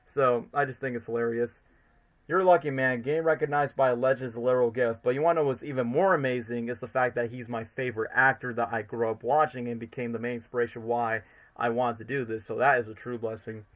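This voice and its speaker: A man hosting a livestream, talking in an excitable, rambling way as an eager fan. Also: mid-range voice, quick pace. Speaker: streamer host. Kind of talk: casual livestream commentary.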